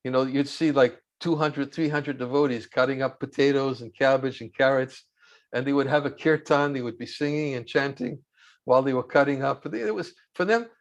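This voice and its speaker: A man being interviewed as a monk, telling a story unhurriedly with fillers and pauses. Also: medium pitch. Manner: unhurried, halting with fillers, chuckles while recalling.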